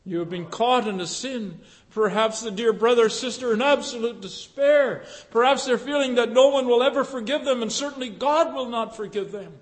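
Male preacher, very high voice, fervent sermon delivery, reverberant church hall. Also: normal speed. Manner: fervent, rising to loud emphatic passages. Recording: echoey hall with long reverb.

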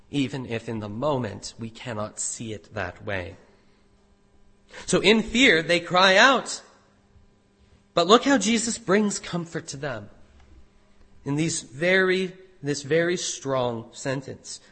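Husky, bright-voiced preacher in a reverberant hall. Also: male voice, medium pitch. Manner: emphatic, swings between loud declarations and quiet explanation. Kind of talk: sermon. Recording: long reverb of a large hall.

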